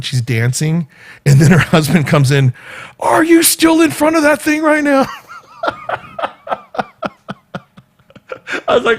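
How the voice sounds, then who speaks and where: Rambling Southern California man chatting casually. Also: medium pitch. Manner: rambling, repeats words, talks to live commenters by name. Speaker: show host and event organizer. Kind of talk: casual chat to viewers.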